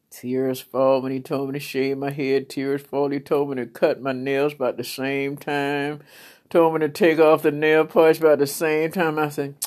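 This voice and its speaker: A woman's voice: low-pitched, fairly even intonation, a little slow, darkish tone. A middle-aged woman preacher giving a personal testimony, telling her story with laughter and feeling. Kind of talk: testimony sermon.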